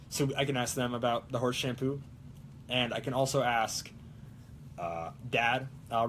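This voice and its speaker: A man's voice: mid-range voice, slight background noise. A young man hosting a casual livestream, rambling and breaking off mid-thought. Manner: rambling, self-interrupting. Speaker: cosplayer and livestream host. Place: cold room at home.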